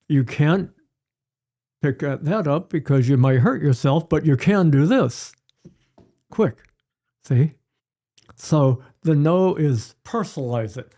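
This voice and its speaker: Slow, mellow older man. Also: on the high side, lively intonation. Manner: unhurried storytelling, repeats key phrases. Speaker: pediatrician guest. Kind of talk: conversational interview.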